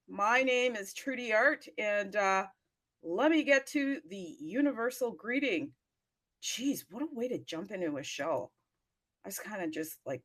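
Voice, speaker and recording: A woman hosting a casual live audio show, bubbly and excitable, laughing and talking to herself between bursts of enthusiasm. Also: on the low side, dry recording, clean studio sound. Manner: bubbly, excitable and playful, jumping between loud bursts and asides; frequent laughs and self-talk. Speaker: host.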